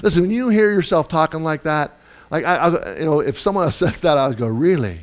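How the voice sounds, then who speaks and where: A man's voice: a little high, quick pace, poor audio. A man preaching a sermon as pastor, talking casually with many fillers, asides and restarts.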